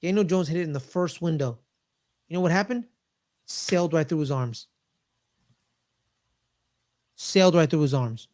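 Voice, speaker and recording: A man co-hosting a casual sports podcast, talking excitedly and repeating phrases for emphasis. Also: a little high, normal speed, pauses often, no room sound, clean studio sound. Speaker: podcast co-host.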